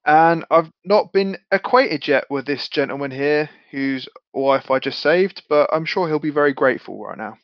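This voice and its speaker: This male player's voice is a little high, and he talks at normal speed with few pauses while role-playing his character at the tabletop. The banter is relaxed, matey and full of swearing, and the sound is dry and slightly muffled, without room noise.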